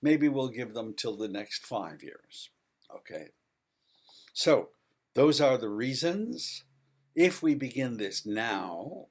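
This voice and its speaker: A man presenting his book in a spoken video lecture, reading out a list with emphatic, wry asides. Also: medium pitch.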